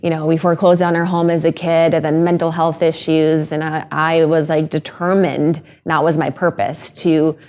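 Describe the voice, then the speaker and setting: A woman hosting a podcast speaks earnestly and emotionally about her own story in a candid conversation, restarting hesitantly at times. Her voice is deep and darkish, with a flat delivery at normal speed and hardly any pauses.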